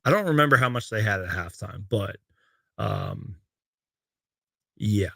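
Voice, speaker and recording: A sports fan hosts a casual livestream, reading out game stats and viewer comments in a loose, rambling way. His voice is fairly low, gravelly, and fairly bright, animated but a little slow, in a dry, studio-quality recording.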